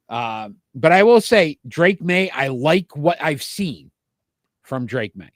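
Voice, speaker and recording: A man's voice: on the high side, animated, slow pace, dry recording, clean studio sound. A man with a Rhode Island accent co-hosting a sports talk show, giving opinionated rankings and often restarting with repeated words.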